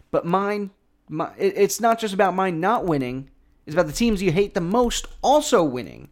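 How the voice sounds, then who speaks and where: Chatty host rattling off sports standings. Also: medium pitch. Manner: chatty and jokey, wanders into asides; reads out standings and numbers in rapid lists. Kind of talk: casual solo sports talk show.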